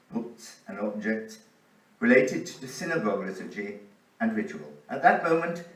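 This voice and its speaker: Man, low voice, conference speaker, measured delivery, echoey lecture hall, distant mic. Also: a bit bright. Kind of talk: reading a prepared academic paper.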